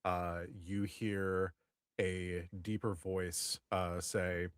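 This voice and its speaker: A man's voice: sits low, flat delivery, drawn-out words, clear, resonant tone, no echo, studio quality. A man narrating a tabletop role-playing game as game master, rambling with many fillers and restarts.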